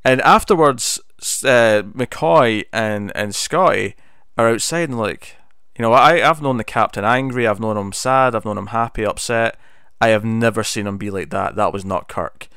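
A man's voice: lowish voice, moderate pace, a bit bright, smooth, no room sound, clean studio sound. A man co-hosting a casual podcast, reviewing a TV episode and retelling its scenes with bursts of animation. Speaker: podcast co-host.

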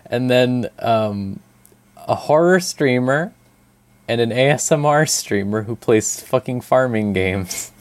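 A man's voice: mid-range voice, takes it slowly, dry recording. Rambling man in casual chat. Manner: rambling, animated storytelling with frequent fillers and swearing. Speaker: podcast co-host.

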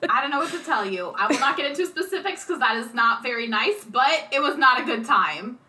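A woman's voice: sits high, expressive, fairly quick, bright, forceful tone. A young woman recapping a movie in casual chat with a friend, wry and sarcastic, swearing now and then.

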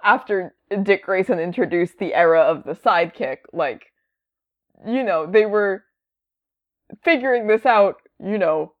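A woman's voice: medium pitch, unhurried. Rambling woman with a dull lo-fi sound. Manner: rambling, many fillers, animated quoting. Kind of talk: casual chat about comics.

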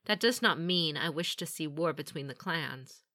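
Storybook audiobook voice of a calm male samurai lord, grave and restrained in manner, as a woman narrator speaks for him. Formal, deliberate phrasing in a lowish voice with a bright, crisp edge.

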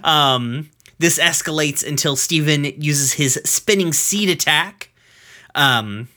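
A man chats through an episode recap in a loose, profane podcast manner, full of ums and asides. His voice sits a bit high and sounds bright and forceful. He keeps an offhand, conversational flow. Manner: loose and profane, many fillers, quick asides. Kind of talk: casual chat, episode recap.

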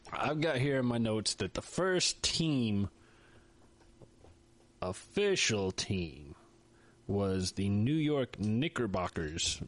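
Joking, low-voiced man. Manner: joking, rambling, self-mocking. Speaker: podcast co-host. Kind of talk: casual podcast chat.

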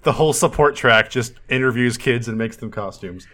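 A man's voice: mid-range voice, brisk, pushed and bright. A man co-hosting a casual podcast recap, joking and acting out quotes from the show. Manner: jokey, acts out quotes. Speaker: podcast co-host.

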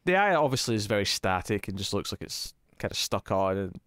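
A man co-hosting a podcast, chatting in an animated, jokey, rambling way about a TV episode. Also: lowish voice, brisk, no room sound, clean studio sound. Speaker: podcast co-host. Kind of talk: casual chat reviewing a TV episode.

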